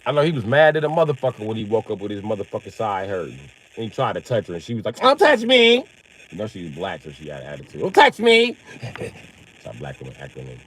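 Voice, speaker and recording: A man live-streaming a casual comedic rant. He swears heavily, laughs at his own jokes and acts out other people in loud, high yelps. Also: expressive, very fast, hardly any pauses, husky, low-quality recording. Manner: profane, jokey storyteller.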